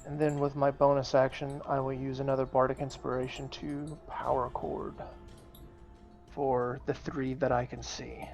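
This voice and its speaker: A man's voice: medium pitch, little pitch movement, normal speed, gravelly, a little mellow, soft background music. A man playing an online tabletop game, talking through his moves aloud with many fillers and restarts. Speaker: player.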